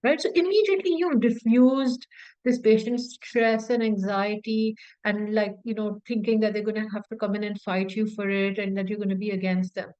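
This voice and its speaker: A woman's voice: medium pitch, fairly even intonation, moderate pace, mellow, dry recording, muffled recording. A woman teaching as a medical exam tutor in a conversational way, repeating words for emphasis and often saying "you know". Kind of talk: informal teaching talk.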